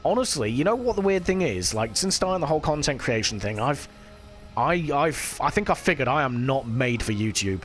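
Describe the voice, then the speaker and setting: A man talks easily with his stream chat as he plays, his voice sitting at a middle pitch. He chats loosely and swears casually. Faint music plays underneath. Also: sing-song, a little fast. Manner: chatty, swears casually, reads and answers chat while playing.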